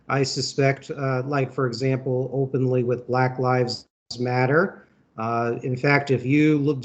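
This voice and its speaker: A man from the United States with a medium-pitched voice interviews a guest about politics. He earnestly lays out his points, packing them with names and facts, and occasionally restarts a phrase.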